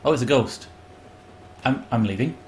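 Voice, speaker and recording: An English man chatting and joking while he streams a game, with sudden loud outbursts. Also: medium pitch, moderate pace, a little hiss or hum. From England. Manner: chatty, self-mocking, bursts into loud outbursts. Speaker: gaming streamer. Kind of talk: live gameplay commentary.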